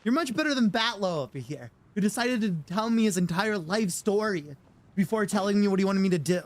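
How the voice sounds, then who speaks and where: A man's voice: sits high, animated, brisk. A man streaming a game as a VTuber, chatting casually, exasperated and stumbling over words.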